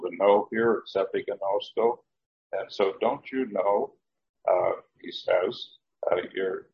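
Gravelly low-voiced man teaching a sermon. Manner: plain teaching tone, explaining Greek words, frequent restarts. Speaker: preacher. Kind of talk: verse-by-verse Bible teaching sermon. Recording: dull, lo-fi, echoey room.

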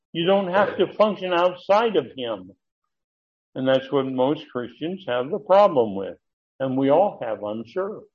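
Slow, deliberate male Bible teacher. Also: on the high side. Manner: deliberate, emphatic, with frequent pauses and fillers. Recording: muffled lo-fi recording.

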